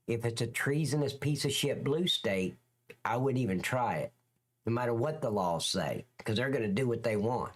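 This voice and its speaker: A man's voice: medium pitch, lively intonation, moderate pace. A man hosts a livestream and reacts to footage with blunt, opinionated commentary. He talks in a mid-range voice and swears freely.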